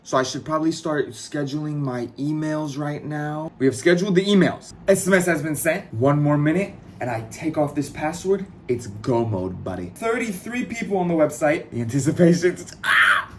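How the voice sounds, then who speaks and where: A man's voice: a little high, normal speed, few pauses, slight background noise. A young man, a clothing brand owner, chatting casually to his viewers in a slangy vlog. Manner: relaxed, slangy, talks straight to viewers.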